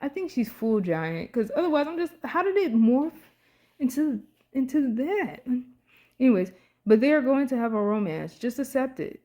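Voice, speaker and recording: A young woman giving casual fan commentary, excitable and animated, swearing freely and talking in slang. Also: high voice, normal speed. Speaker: vlogger.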